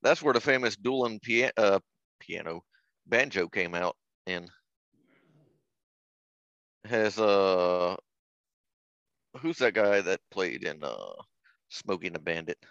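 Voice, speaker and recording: A man co-hosting a casual movie review podcast who makes crude, deadpan jokes. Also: deep voice, slow pace, creaky, pauses often, dry recording, highs cut off. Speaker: podcast co-host.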